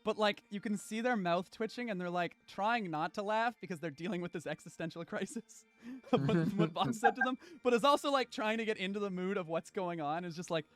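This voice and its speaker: A man playing a tabletop role-playing game, narrating his character's actions in animated chat and laughing often. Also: high-pitched, brisk, no echo. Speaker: player.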